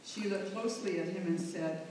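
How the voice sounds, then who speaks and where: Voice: medium pitch, fairly even intonation, moderate pace, darkish tone, slight background noise. Distant reader in an echoey hall. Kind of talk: reading scripture aloud. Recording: echoey hall, far from the mic.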